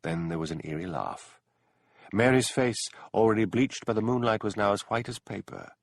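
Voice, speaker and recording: A man narrating a mystery audiobook in an expressive storytelling voice, close to a studio mic. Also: lowish voice, moderate pace, vocal fry, dry recording.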